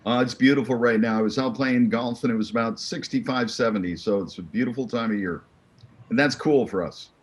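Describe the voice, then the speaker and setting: A man's voice: mid-range voice, brisk, a little hiss or hum. A man being interviewed on a podcast, talking about his background in an easygoing, upbeat way. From Arizona. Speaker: podcast guest, real estate investor. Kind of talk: relaxed interview talk.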